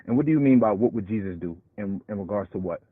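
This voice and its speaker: A man hosting a call-in show, arguing casually and slowing down to quote scripture. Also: fairly low pitch, animated. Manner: argumentative, halting, restarts and slows to quote scripture. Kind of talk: casual debate. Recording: husky voice over a tinny phone-like line.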